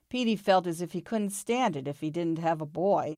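A woman reading a children's storybook aloud in a calm, expressive way. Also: fairly low pitch, moderate pace, few pauses, no room sound, clean studio sound.

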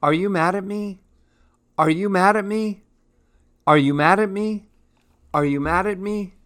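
A man's voice: high-pitched, a little slow, fairly bright tone, pitched above the performer's own voice. A man voicing an anxious young female bird in a read-aloud picture book, asking small fretful questions. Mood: worried.

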